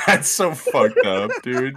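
A man's voice: mid-range voice, big pitch swings, slow, a crowd in the background. A young man co-hosting a podcast, crude and joking, laughing often. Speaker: podcast co-host. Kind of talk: casual chat.

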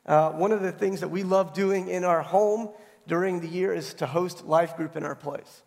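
A man preaching a sermon in a relaxed, conversational storytelling way, his voice hoarse and gravelly from allergies, often checking in with "right?". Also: high voice, moderate pace. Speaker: pastor. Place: church sanctuary. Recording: long hall reverb.

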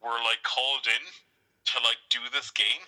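A man co-hosting a casual podcast chat, animated and laughing, often acting out the characters he describes. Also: medium pitch, moderate pace, low-quality recording. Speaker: podcast co-host.

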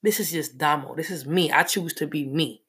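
A woman telling a personal story in a casual, animated way, full of fillers. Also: low-pitched, moderate pace, breathy edge.

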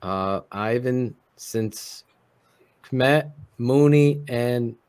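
A man co-hosting a casual sports chat, animated and swearing freely. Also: mid-range voice, very slow, clean tone. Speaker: co-host.

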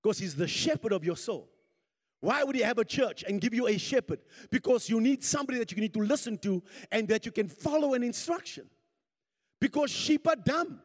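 A pastor preaching a sermon, leading his congregation in call and response and climbing to shouts at the peaks. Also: very high-pitched, lively intonation, fairly quick. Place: church hall. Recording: long hall reverb.

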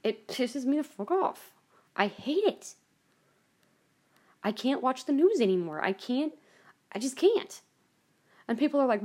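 A woman's voice: high-pitched, big pitch swings, measured pace, pauses often. A woman hosting a personal monologue podcast, ranting angrily and swearing heavily, with many restarts and trailing asides. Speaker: podcast host.

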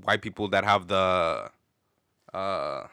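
A man's voice: deep voice, slow pace, sharp tone, clean tone, dry recording, clean studio sound. A young man from Africa in casual chat, blunt and profane, ranting through his stories.

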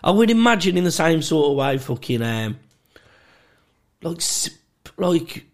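A man's voice: fairly high pitch, very animated, a little slow. A man co-hosting a podcast, telling sweary stories in casual chat and laughing often. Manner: sweary storytelling, laughs a lot. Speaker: podcast co-host.

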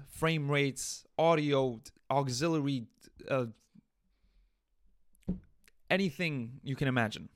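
A man hosts his own podcast, venting through a story with lively, frustrated energy and the odd curse. His voice sits in a middle range and comes through close and dry, with no room sound around it. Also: medium pitch, no echo. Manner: animated storytelling, swearing and venting. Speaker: podcast host. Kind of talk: casual solo podcast rant. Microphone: USB interface podcast mic.

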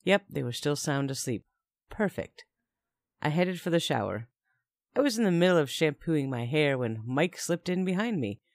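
A woman's voice: deep voice, lively intonation, moderate pace, no echo, studio quality. A young woman narrating a first-person story in a chatty tone with wry asides.

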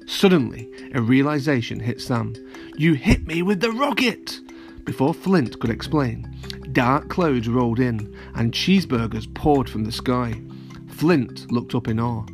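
Guy narrating a kids story, medium voice, soft music under. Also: mid-range voice, measured pace, vocal fry. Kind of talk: storybook read-aloud.

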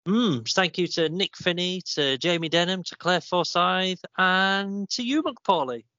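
Co-host, man, bright and cheeky, slightly raised pitch, dry muffled mic. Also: dry recording. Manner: cheeky, quick banter. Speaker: podcast co-host. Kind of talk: casual podcast chat. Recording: dry, dull lo-fi remote recording.

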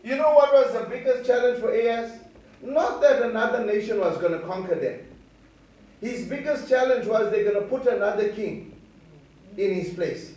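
High-voiced preacher in an echoey hall. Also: male voice, moderate pace, darkish tone, distant mic. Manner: earnest, repetitive, stammering restarts. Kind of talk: sermon. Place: church hall.

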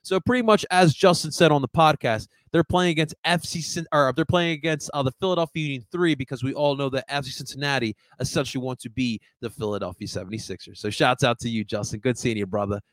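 A young man hosting a livestream sports talk show, excitable and swearing, getting fired up. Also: mid-range voice, fast, hardly any pauses, no echo. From first-generation American.

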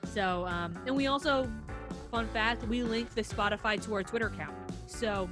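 A young woman co-hosting a casual sports podcast, talking in an animated, emotional way as a frustrated fan. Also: a little high, moderate pace, music in the background. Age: young adult. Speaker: podcast co-host.

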